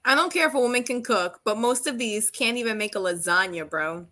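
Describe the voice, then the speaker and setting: A woman co-hosting a podcast, a mother talking through everyday things in a relaxed, matter-of-fact way. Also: on the high side, brisk. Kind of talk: casual chat.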